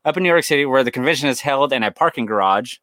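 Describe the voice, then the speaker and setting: Racing and animated, a young horror podcast co-host speaks in a fairly bright mid-range voice with no echo. His casual, meandering stories are heavy on swearing, and he voices the people he describes.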